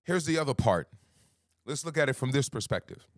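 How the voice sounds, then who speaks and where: Male life coach on a livestream, mid pitch, dry close mic, slow, emphatic and repetitive. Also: lively intonation, no room sound. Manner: slow, emphatic, repeats key phrases; greets viewers by username. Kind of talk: motivational livestream talk.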